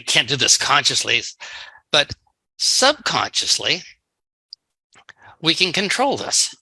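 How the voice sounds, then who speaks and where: A man's voice: medium pitch, sharp tone, no echo, poor audio. A man giving a folksy sales training talk on a video call, telling stories and acting out quotes. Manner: folksy, storytelling with acted-out quotes. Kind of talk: live online training talk. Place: online meeting.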